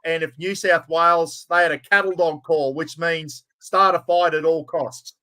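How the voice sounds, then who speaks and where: This podcast host, with an Australian accent, talks casually and blokily, calling everyone mate. He has a slightly high, steady voice with a sharp tone and a moderate pace.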